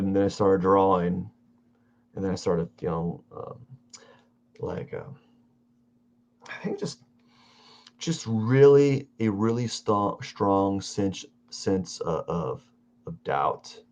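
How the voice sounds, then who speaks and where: A tired, yawning man chatting casually while he draws on a live stream, rambling and halting with many fillers. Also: sits low, fairly even intonation, a little mellow, muffled recording. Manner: meandering, halting, self-talk with fillers. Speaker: artist streaming his drawing.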